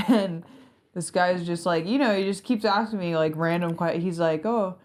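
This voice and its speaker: Blunt, profane woman with a lowish voice. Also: normal speed, a little mellow. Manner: blunt, profane storyteller, laughs a lot. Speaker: comedian guest. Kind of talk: casual chat.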